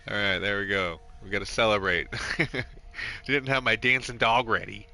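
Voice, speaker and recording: A middle-aged man streaming a game and chatting casually, excitable and swearing at the game. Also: lowish voice, normal speed, vocal fry. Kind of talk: casual live stream chat. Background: game music.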